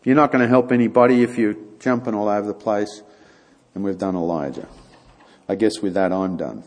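A man's voice: on the low side, fairly quick, darkish tone, long reverb tail. A man giving an informal church talk, chatty and now and then acting out little dialogues. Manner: conversational, acts out little dialogues. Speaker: church speaker.

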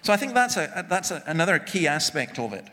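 Male preacher, fairly high voice, very lively delivery with wry humor, long hall reverb. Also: brisk. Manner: emphatic, self-deprecating humor, frequent restarts. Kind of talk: sermon with personal anecdotes.

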